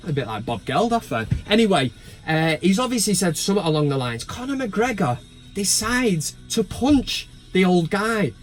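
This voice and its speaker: A young man rattles through his football fan vlog in blunt, sweary, joking banter. His voice sits a little on the high side. Faint music plays underneath. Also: big pitch swings, normal speed. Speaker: football fan channel host. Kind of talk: casual vlog commentary.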